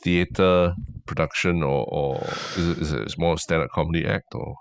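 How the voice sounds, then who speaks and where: A man's voice: low voice, fairly even intonation, moderate pace, creaky, smooth. A man with a Singaporean accent hosting a casual podcast, asking questions and murmuring along attentively. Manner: attentive, frequent murmured backchannels. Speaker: podcast host.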